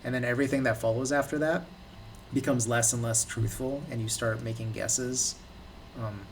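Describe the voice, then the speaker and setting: A man's voice: mid-range voice, steady tone, normal speed. A man in casual podcast chat, explaining things in a loose, lecturing way full of "like" and "um". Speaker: podcast co-host. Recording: distant mic with faint background noise.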